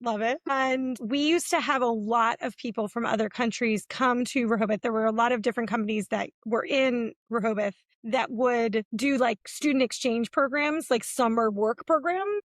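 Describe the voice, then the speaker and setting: A woman in her forties, co-hosting a podcast, telling lively stories in a casual chat. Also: moderate pace, hardly any pauses, no echo. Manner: animated storytelling, swings between high and low. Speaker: podcast co-host.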